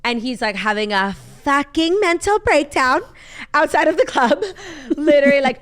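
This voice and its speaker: In a voice that sits high and at a moderate pace, a young podcast co-host shares gossipy stories during casual conversation. She's animated, and "like" pops up constantly.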